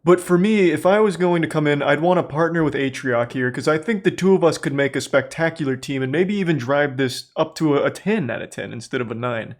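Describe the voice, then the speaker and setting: A man's voice: on the high side, brisk, few pauses. Mock-serious man as investor judge.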